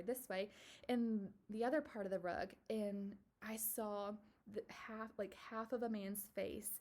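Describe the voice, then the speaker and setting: A young adult woman telling a personal story to camera in a casual, earnest way, with many fillers and soft whispered asides. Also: mid-range voice. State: tearful at moments. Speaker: vlogger.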